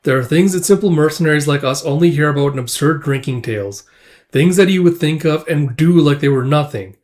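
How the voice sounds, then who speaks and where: A man's voice: on the high side, brisk, darkish tone, close to an everyday voice. A man voicing a thoughtful, easygoing male mercenary in a casual comic recap, explaining things in a reflective way.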